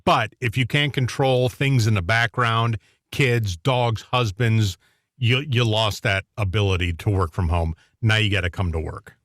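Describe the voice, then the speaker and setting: A man co-hosting a casual radio talk show, opinionated and quick to chuckle. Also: fairly low pitch, steady tone, a bit bright, dry recording, studio quality.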